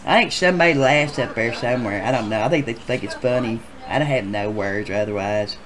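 A performer voicing a foul-mouthed male storyteller who rambles through a tale, dropping low and muttering, then shouting in outrage. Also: brisk, a crowd in the background, natural voice. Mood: grumbling. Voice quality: profane, swings from mumbling to shouting. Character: crude rambling male storyteller, easily riled. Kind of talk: comedic storytelling in a Sims machinima game show.

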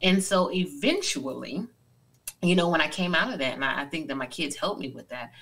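Low-voiced, bright woman podcast host. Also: lively intonation, brisk, low-quality recording. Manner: earnest, heartfelt, reflective. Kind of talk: casual podcast chat.

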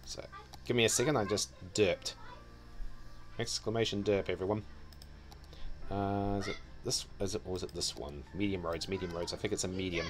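Very deep-voiced New man muttering. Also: steady tone, moderate pace, long pauses. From New Zealand. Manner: muttering thoughts aloud, trailing off and correcting himself. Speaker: streamer. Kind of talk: casual gameplay commentary.

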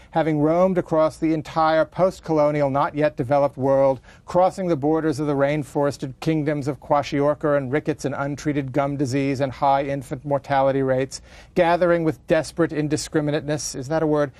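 A man's voice: fairly high pitch, darkish tone, no room sound, close to an everyday voice. A man reading aloud as a chatty middle-aged British housewife, in his own voice, in ornate run-on sentences that keep breaking off to apologize. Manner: ornate run-on monologue with self-interruptions.

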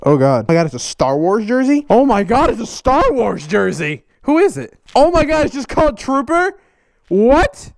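Hyper young man vlogging, lively swooping pitch, smooth clear voice, dry close sound. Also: normal speed, no echo. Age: 20s. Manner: loud, hyper and goofy, swings between high yelps and low growls. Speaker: vlogger opening fan mail. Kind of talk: casual vlog chat.

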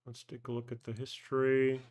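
A man hosting a personal finance channel, thinking aloud through a casual live screen-share walkthrough, halting with fillers and self-corrections. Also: mid-range voice, completely flat delivery, darkish tone. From Canada.

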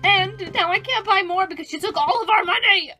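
A woman's voice: very high-pitched, fairly quick, voice pushed up. A young woman voicing a melodramatic male toy pet addicted to toothpaste, whiny and prone to screaming. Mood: desperate. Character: frantic toothpaste-obsessed male pet, adult. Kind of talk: toy video skit. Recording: music playing underneath.

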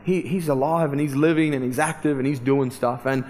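A man's voice: medium pitch, steady tone, fairly quick, darkish tone. A man, preaching a sermon as a casual, conversational storyteller who often restarts and fills with "you know". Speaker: pastor.

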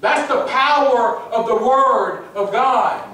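A man's voice: extremely high pitch, slow, bright, forceful tone. A male pastor preaching a sermon, emphatic and repetitive, often calling out "amen?" to the congregation. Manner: emphatic, repeats phrases, asks congregation "amen?". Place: church sanctuary. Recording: echoey hall, far from the mic, faint noise.

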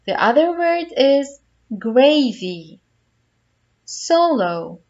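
Slow, patient woman phonics teacher. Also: a little high, animated, muffled recording. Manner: slow, patient, spells out each word step by step. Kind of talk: phonics lesson for young children.

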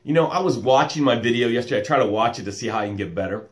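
A man hosting a live motivational stream, welcoming viewers by name and guiding slow breaths. He calls himself loud and boisterous. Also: medium pitch. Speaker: motivational coach and show host. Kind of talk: live-stream pep talk with guided breathing.

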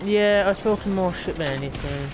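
A woman's voice: medium pitch, brisk. Sweary Australian woman streaming a game. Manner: profane, rambling, slangy banter. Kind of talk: casual gameplay commentary.

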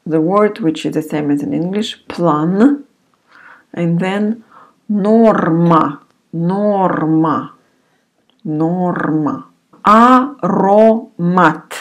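Very slow, low-voiced woman teacher. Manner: slow, repeats each word several times for learners. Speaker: language teacher. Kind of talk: recorded beginner lesson.

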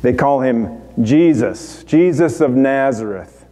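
An actor playing a dying, repentant male thief in a dramatic monologue, speaking in halting, broken phrases. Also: mid-range voice, animated, dark tone. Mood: reflective. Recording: long hall reverb.

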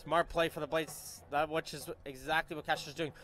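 Male commentator, high pitch, bright tone, brisk play-by-play, outdoor match. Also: level tone. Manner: brisk play-by-play, self-correcting names. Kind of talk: live youth soccer commentary.

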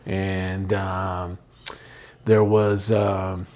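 Man, low voice, interviewer, halting questions, casual. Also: little pitch movement, darkish tone. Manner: hesitant, many fillers and restarts.

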